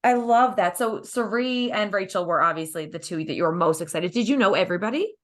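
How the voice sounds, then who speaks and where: A woman's voice: medium pitch, lively intonation, fairly quick. A woman hosting a podcast, chatting casually and encouraging her guest. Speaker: podcast host.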